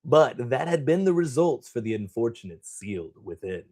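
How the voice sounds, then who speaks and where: A man's voice: medium pitch, very animated, moderate pace, a little mellow. A man hosting a gaming channel, casually reading a novel aloud, stumbling over words and breaking off with joking asides.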